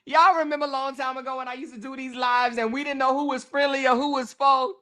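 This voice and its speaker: A woman hosts a casual livestream, with a voice that sits a little high for a woman. She reads out viewer comments, laughs often, and talks loud and profane, calling her viewers baby. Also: fairly even intonation, quick pace. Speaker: livestream host.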